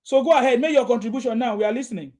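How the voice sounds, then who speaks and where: A Nigerian man hosting a live call-in show, arguing hard with callers and circling back to the same point again and again. His voice sits high for a man. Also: very fast, darkish tone. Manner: combative, repeats himself. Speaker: host. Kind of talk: heated live call-in chat.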